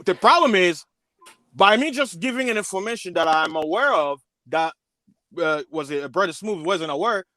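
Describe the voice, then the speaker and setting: A man with a fairly high voice argues on a panel. He circles back, repeats himself and leans on worked-through examples. The recording is dry and close. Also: expressive, moderate pace, bright, forceful tone, no echo. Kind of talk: panel debate.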